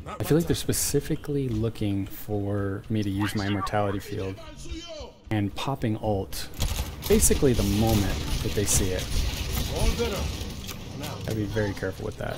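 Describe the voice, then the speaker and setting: A lower-voiced man talks through a live game in a casual, muttering way, musing to himself between moves. Loud music plays behind him the whole time. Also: normal speed, long pauses. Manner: casual, thinking aloud, muttering asides. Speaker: streamer. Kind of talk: live gameplay commentary.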